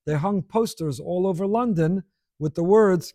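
High-voiced animated man giving a sermon. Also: measured pace, no room sound, studio quality. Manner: animated, rhetorical questions, repeats phrases for emphasis. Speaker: rabbi giving a class. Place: room with an audience.

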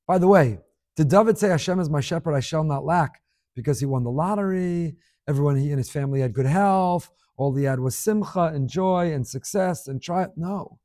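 A middle-aged man teaching a Torah class, reading listener emails aloud with animated, emphatic delivery and scattered Hebrew terms. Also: on the high side, normal speed, no room sound, studio quality.

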